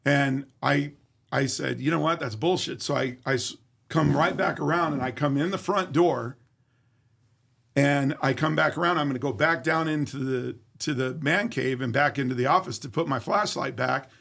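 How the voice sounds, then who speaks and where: Gravelly man telling a story. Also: medium pitch, moderate pace, fairly bright tone. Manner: vivid, profane, acts out quoted dialogue. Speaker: interview guest. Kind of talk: casual storytelling.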